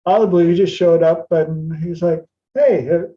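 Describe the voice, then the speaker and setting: A man's voice: a little high, level tone, fairly quick, dull audio. A man hosting a podcast, telling a story in a casual, chatty way and putting on playful voices for the people in it. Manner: retells anecdotes, slipping into playful voices for the people in them. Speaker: podcast host.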